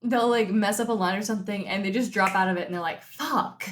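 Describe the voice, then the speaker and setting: A woman's voice: mid-range voice, fairly even intonation, fast talker, a little hiss or hum. A woman co-hosting a podcast in casual chat, giggly and rambling, saying "like" constantly. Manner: giggly, rambling, heavy use of "like". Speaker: podcast co-host.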